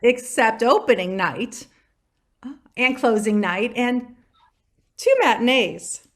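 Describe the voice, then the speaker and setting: A woman's voice: fairly high pitch, slow. A woman playing a sarcastic female ghost of dropped lines in a stage play, taunting and theatrical. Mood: mocking.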